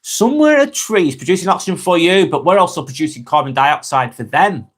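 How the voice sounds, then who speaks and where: A man's voice: fairly high pitch, animated, a little fast, a bit bright. A young man hosting a casual live stream, reading viewers' comments aloud and answering them frankly and chattily.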